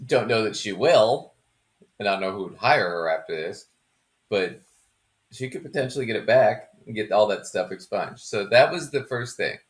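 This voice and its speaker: Jokey podcast host guy, lowish voice, laughs a lot. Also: expressive, moderate pace. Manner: laughs often, joking and chatty. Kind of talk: casual chat.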